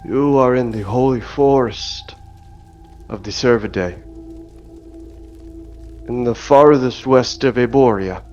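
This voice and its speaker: A solemn wildling elder speaks slowly and quietly, full of grief, as a man puts him on. His voice sits at a middle pitch. The recording is dull and lo-fi, with faint music behind it. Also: natural voice.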